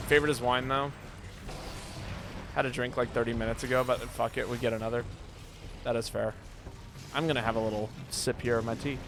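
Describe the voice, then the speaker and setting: A man streaming a game, chatting casually and joking with his viewers, now and then yelping with excitement. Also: mid-range voice, fairly quick, long pauses. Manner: relaxed, joking, with sudden excited yelps. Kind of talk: casual gameplay chat. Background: game music.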